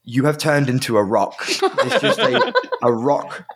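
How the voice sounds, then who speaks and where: A game master narrates a tabletop session in a lively, playful way. The voice is husky, and it swings widely in pitch. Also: unhurried.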